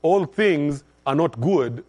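Guy preaching a sermon, kinda high voice, drops quiet then booms, gets the church to say it back. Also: lively intonation, slow, breathy edge. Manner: call-and-response preaching with swings from soft to loud. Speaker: pastor.

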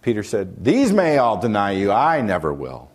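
At a moderate pace, a male pastor preaches with huge swings in pitch and loudness. He reads from scripture and presses his points home.

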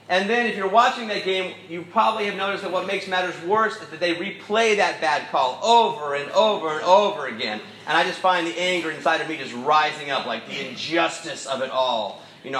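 A man's voice: fairly high pitch, pushed and bright, reverberant, a little hiss or hum, rough recording. A middle-aged man preaching a sermon in an easygoing, storytelling way with self-deprecating asides. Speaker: pastor.

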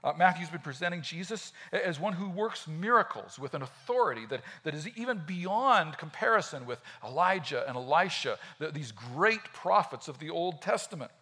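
A man preaching a sermon in a conversational, animated way, often acting out quotes. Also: a little high, normal speed, hardly any pauses, husky. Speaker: pastor.

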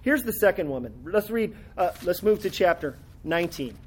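Here a man with a high-pitched, expressive voice speaks at normal speed over a faint hiss or hum. He preaches expository-style, reading scripture with mounting fervor and explaining it casually, frequently using tag questions.

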